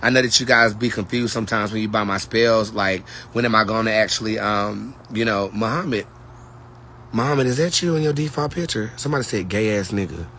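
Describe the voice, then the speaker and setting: A man's voice: lowish voice, fairly even intonation, a little fast, bright, forceful tone, slight background noise. A man who reads tarot, chatting with viewers in a sassy, profane, rambling way. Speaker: tarot reader. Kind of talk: casual livestream chat with viewers.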